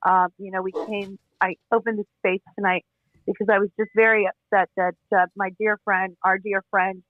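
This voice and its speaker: A man's voice: high-pitched, flat delivery, moderate pace, no echo. A man hosting an online audio room, speaking in an emotional, teary, apologetic way. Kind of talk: casual group call. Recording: phone-like, thin audio.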